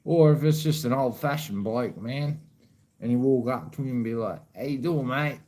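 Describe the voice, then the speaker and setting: A man's voice: mid-range voice, normal speed, darkish tone, rough recording. Laid-back Australian man, crickets behind. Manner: laid-back, swears freely, says "you know what I mean" a lot. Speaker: vlogger. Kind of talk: casual chat to camera.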